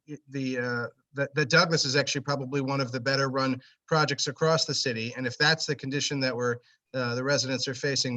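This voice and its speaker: Earnest, halting man on a distant call. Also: medium pitch, sharp tone. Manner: earnest, halting, many restarts. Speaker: meeting participant. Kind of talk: public comment at a virtual meeting.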